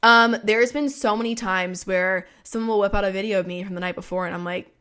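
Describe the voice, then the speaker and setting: A woman's voice: medium pitch, a little fast, fairly bright tone, clean tone. A woman in her twenties hosting a podcast, chatting casually with frank, profane, rambling talk full of fillers. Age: 20s. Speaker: podcast host. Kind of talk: casual chat.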